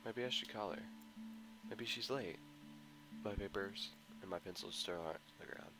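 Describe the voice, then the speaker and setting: A man with a voice on the low side reads a visual novel mod at normal speed, giving an anguished, emotional first-person narration that's dramatic throughout. Guitar music plays behind him, and the recording quality is low.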